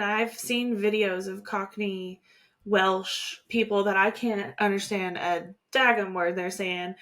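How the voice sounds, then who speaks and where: A woman's voice: medium pitch, fairly bright tone. A young woman co-hosting a podcast, chatting casually and hesitantly, with frequent fillers. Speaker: podcast co-host. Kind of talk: casual chat.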